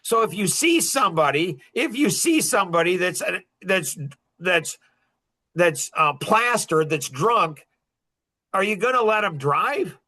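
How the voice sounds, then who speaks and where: A man's voice: high voice, big pitch swings, measured pace, sharp tone. A man hosting a podcast, talking in a rambling, emphatic monologue full of fillers. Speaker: podcast host. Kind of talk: casual monologue.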